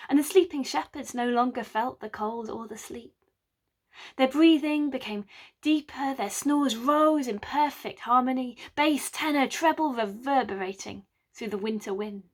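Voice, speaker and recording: A woman scholar telling a medieval play aloud as a winter tale, with lively, wry asides to the listener. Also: sits high, unhurried. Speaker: storyteller, medieval drama scholar. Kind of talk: oral storytelling of a medieval play.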